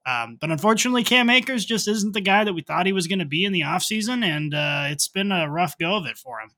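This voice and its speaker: A man's voice: high-pitched, expressive, fast, bright, forceful tone. A man co-hosting a podcast in casual chat, confident and matter-of-fact. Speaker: podcast co-host.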